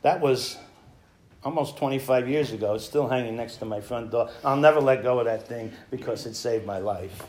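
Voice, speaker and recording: A man's voice: mid-range voice, normal speed, a little mellow. A middle-aged man telling his recovery story at a meeting, acting out the other people in it. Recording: echoey room with faint noise.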